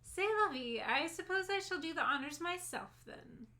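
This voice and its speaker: A woman's voice: extremely high pitch, lively intonation, normal speed, sharp tone, pitched above the performer's own voice, exaggerated voice. A woman reading the lines of a fancy, condescending female ghost expert in a game, with a drawling, posh manner. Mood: haughty. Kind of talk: reading game dialogue aloud.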